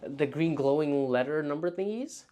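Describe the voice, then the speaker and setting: A young man talking casually to camera as a vlog host, telling animated stories and acting out his past thoughts, with lots of "like.". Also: on the high side, normal speed. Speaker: freelance marketer and video host.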